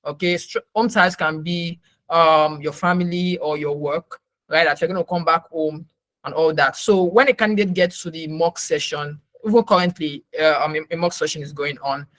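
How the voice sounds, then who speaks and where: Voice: medium pitch, fairly even intonation, normal speed, fairly bright tone, no echo. A moderator giving casual advice in a loose way and checking in with listeners as they go. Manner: loose, with frequent fillers and restarts, checking in with "okay". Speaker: session moderator. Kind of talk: casual advisory talk.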